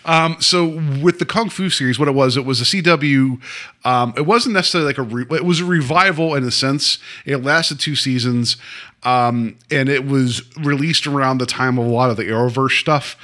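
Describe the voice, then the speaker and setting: Man, podcast co-host, bright voice, rambling casual delivery. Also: medium pitch, normal speed. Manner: rambling, laughs often, trails off. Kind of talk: casual TV review chat.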